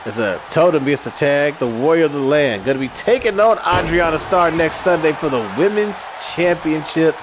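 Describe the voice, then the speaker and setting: A man's voice: fairly high pitch, moderate pace, few pauses, background noise. A man in his thirties giving loose, joking, profane live commentary on a wrestling stream and chatting with viewers. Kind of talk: casual live commentary with singing and chat replies.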